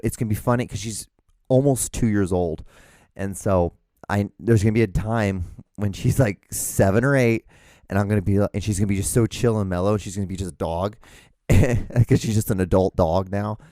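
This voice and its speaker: A man talks in a loose, rambling podcast monologue from his home. He swears freely, stumbles over restarts, and gushes about his dog. His voice sits low and warm, and the sound is dry with no room echo. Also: normal speed. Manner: rambling, profane, frequent restarts and fillers; gushing affection for his dog. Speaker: podcast host.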